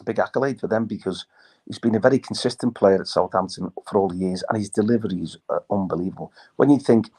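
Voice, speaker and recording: A man's voice: on the low side, fast talker, warm tone, husky. An older man, a former footballer telling stories in casual chat, quoting people as he goes. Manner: storytelling with acted quotes. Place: live online chat.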